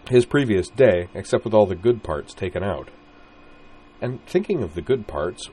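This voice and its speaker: A man reading aloud his own story in an expressive, wry way. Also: low-pitched, moderate pace, a little hiss or hum. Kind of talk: storybook narration.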